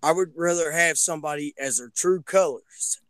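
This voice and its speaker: A man's voice: fairly high pitch, moderate pace, a bit bright. A man in a casual political chat, urging his listeners earnestly and often restarting his sentences. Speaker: guest.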